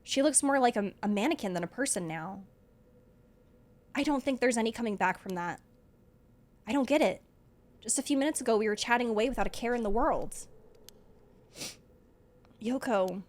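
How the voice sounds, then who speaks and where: A woman voicing a shaken young protagonist grieving a friend, reading the game dialogue aloud in a hushed, earnest, halting way. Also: a little high, lively intonation, close to an everyday voice. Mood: grim, hushed.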